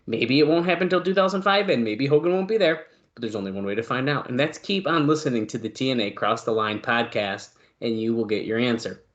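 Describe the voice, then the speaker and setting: A man's voice: mid-range voice, a little fast, hardly any pauses, fairly bright tone, muffled recording. A man co-hosting a wrestling podcast in casual chat, rambling with lots of fillers and poking fun at himself. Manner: rambling, filler-heavy, self-deprecating. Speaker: podcast co-host.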